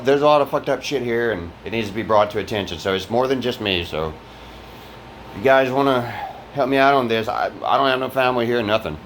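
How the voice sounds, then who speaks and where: A man's voice: mid-range voice, a little hiss or hum. A man venting about his fire-damaged apartment in an angry, rambling vlog, swearing often and restarting his sentences, recorded inside the damaged apartment. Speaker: vlogger.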